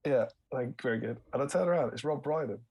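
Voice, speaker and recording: A man's voice: mid-range voice, fast, a little mellow, husky, dry recording. A man co-hosting a casual livestream chat, telling anecdotes and laughing often. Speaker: co-host.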